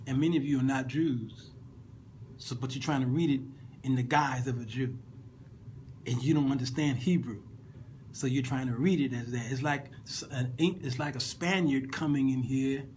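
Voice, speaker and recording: A man's voice: mid-range voice, normal speed, darkish tone, a little hiss or hum, rough recording. A man hosting an informal Sunday school Bible lesson in a conversational way, often repeating and restarting words and making playful asides to his listeners.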